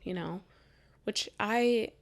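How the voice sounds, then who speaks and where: A woman co-hosting a podcast, chatting casually and laughing, sometimes slowing down to think. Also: mid-range voice, creaky. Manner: chatty, laughs often, drawls when thinking. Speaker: podcast co-host. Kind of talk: casual chat.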